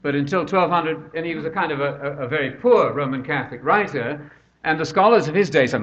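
Older man, sermon, conversational, rhetorical questions, higher-pitched, dull lo-fi sound. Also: a little fast, fairly bright tone. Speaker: preacher. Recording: dull lo-fi recording.

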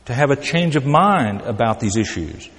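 A man's voice: medium pitch, very animated, normal speed, a bit bright, big-room sound. A man preaching a sermon in a conversational but emphatic way, often repeating words as he builds a point.

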